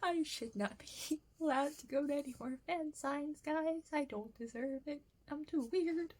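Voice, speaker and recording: A woman's voice: sits high, measured pace, darkish tone. A young woman telling a rambling, giggly story in a casual vlog, often restarting her sentences. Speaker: vlogger.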